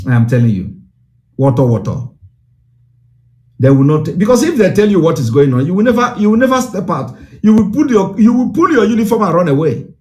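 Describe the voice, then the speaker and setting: Fiery high-voiced Nigerian man. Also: sing-song, brisk, a little mellow. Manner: fiery, repetitive, declamatory. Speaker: political broadcaster. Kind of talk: impassioned broadcast address.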